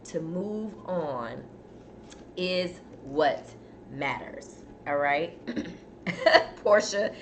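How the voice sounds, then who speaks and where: Woman, lowish voice, chatty live host, coughing, dry throat, faint hiss behind. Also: animated, extremely slow, pauses often. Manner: chatty, addresses viewers as "y'all". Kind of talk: casual live-stream chat. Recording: faint background noise.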